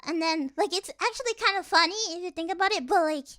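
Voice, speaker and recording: Very high-voiced young woman rambling casually. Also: fast talker, bright, forceful tone. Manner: rambling, heavy use of "like", many restarts; mocking and playful. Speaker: streamer. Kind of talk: casual stream chat.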